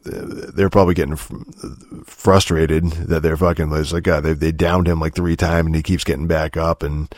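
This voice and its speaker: Profane rambling man with a very low voice. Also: little pitch movement, moderate pace, no echo, clean studio sound. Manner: profane, rambling, heavy filler words. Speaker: gamer telling stories. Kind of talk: casual rambling monologue.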